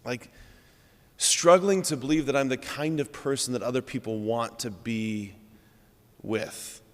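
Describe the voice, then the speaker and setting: A man's voice: medium pitch, a little slow, in a large hall. A man, a Catholic priest, giving an earnest, conversational homily in a church.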